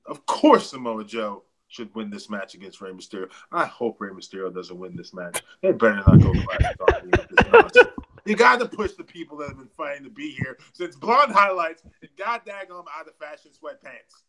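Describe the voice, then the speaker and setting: A man co-hosting a casual podcast chat, ranting loudly and joking as he talks. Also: medium pitch, sing-song, moderate pace, hardly any pauses, crowd noise. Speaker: podcast co-host.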